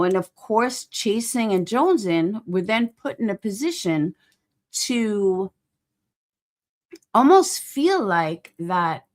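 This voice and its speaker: A woman hosting a casual commentary stream, talking bluntly and with swearing, rambling and groping for words while she greets chat viewers. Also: lowish voice. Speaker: livestream host.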